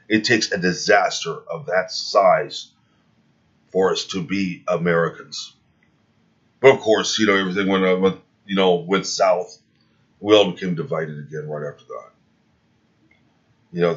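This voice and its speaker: A man speaking in a heated opinion monologue, rambling and restarting his words, recorded with dull, lo-fi sound. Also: sits low. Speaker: video commentator.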